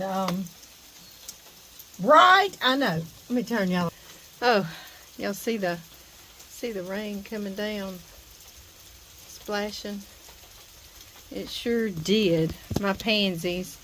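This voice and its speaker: A woman's voice: medium pitch, slow, long pauses, a bit bright, slight background noise. A middle-aged woman with a Southern accent from Louisiana, chatting folksy and laughing often as she walks outdoors, filming on a phone. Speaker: vlog host. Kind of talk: casual walking vlog. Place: outdoors in a pasture, then a porch.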